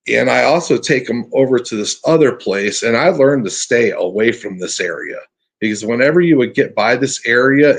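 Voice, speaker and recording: Husky-voiced man telling a spooky story. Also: lowish voice. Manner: earnest, halting, restarts often. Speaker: podcast guest telling his encounter story. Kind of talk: casual storytelling.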